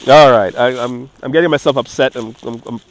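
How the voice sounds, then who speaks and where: A man's voice: medium pitch, fairly quick. A man, live-streaming outdoors from a phone on a gimbal, talking in an emotional, rambling way, repeating himself and swearing. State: close to tears. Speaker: livestream vlogger. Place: outdoors in a city street.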